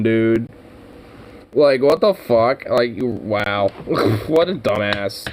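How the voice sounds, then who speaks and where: A man's voice: medium pitch, takes it slowly, darkish tone. Young man, profane reaction commentator, mocking tone, slight background noise. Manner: swearing, mocking, laughing.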